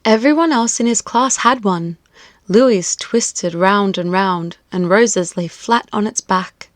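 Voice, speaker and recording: A woman reading a children's storybook aloud, clear, expressive and lilting. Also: mid-range voice, measured pace, no echo, clean studio sound.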